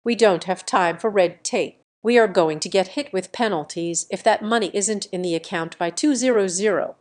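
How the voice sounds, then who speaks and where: A pushy, panicky middle-aged father in a narrated story, snapping and getting defensive whenever he is questioned, as a woman narrator reads him. His voice sits in a plain middle pitch. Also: moderate pace, darkish tone, lightly acted.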